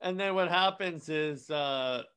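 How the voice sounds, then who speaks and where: A man's voice: a little high, takes it slowly, a bit bright, smooth. A man casually retelling a comic storyline, rambling with many restarts and false starts. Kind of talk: casual comic plot recap.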